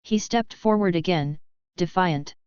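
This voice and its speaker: Very smooth woman reading a story. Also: fairly low pitch, a little slow, darkish tone, no room sound, muffled recording. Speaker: story reader. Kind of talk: fan fiction narration.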